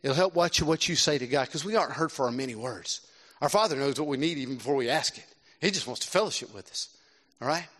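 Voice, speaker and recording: A middle-aged man from South Carolina preaching a sermon, animated and swinging between loud exclamations and hushed earnest tones. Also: mid-range voice, quick pace. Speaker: visiting preacher. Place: large church with long reverb. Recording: reverberant church hall.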